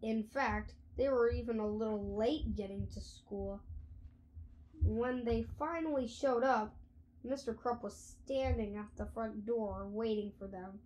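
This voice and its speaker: A woman reading a children's audiobook aloud in an expressive storytelling manner. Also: a little high, measured pace. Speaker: audiobook reader.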